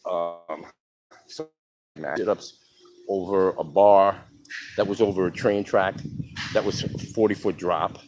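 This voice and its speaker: A man telling his own life story in a frank, halting way, pausing often with ums. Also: sits low, fairly even intonation, a little mellow, rough recording. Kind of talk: candid personal monologue. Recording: outdoor traffic noise behind.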